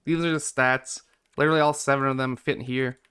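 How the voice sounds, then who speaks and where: Young male gaming commentator, smooth clear voice, mid pitch; exasperated, hopeful one moment and deflated the next. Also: steady tone, fast, a bit bright. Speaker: gaming YouTuber. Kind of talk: gameplay commentary.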